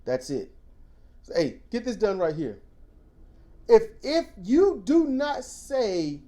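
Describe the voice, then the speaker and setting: A man co-hosting a casual discussion, telling stories in an animated way and breaking into loud mocking quotes. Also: high-pitched. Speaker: podcast co-host.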